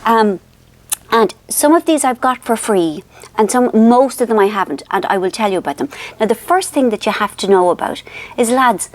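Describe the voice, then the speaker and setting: A woman's voice: fairly high pitch, animated, moderate pace. A woman in her fifties with an Irish accent, telling a rambling, self-mocking family story for her vlog, full of ums. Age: 50s. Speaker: author and vlogger.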